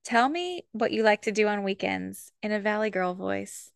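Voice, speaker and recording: A woman's voice: medium pitch, expressive, moderate pace, vocal fry, clear, resonant tone, no room sound, studio quality. A woman co-host asking questions in an upbeat, giggly way. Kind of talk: casual chat.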